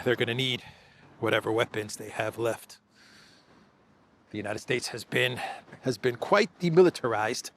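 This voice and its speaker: A man's voice: medium pitch, a bit bright, slight background noise. Sarcastic male news commentator. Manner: sarcastic, frequent hesitations with "uh". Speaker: political commentator.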